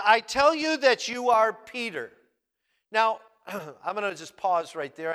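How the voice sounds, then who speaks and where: Man, pastor, sermon, bright and forceful tone, unhurried delivery, emphatic repetition. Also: sits high, long reverb tail. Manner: slow, emphatic, repeats key words.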